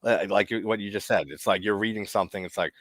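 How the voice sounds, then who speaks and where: Low voiced guy hosting a live stream, dry close sound, fan-ish rambly questions. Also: quick pace, a bit bright, no echo. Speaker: host.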